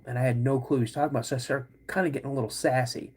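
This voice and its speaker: A middle-aged man hosting a podcast, telling a personal story in an animated way, acting out quoted voices and calling his listeners "guys". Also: mid-range voice, racing, hardly any pauses, husky. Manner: acts out quoted voices of his dad and himself. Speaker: podcast host.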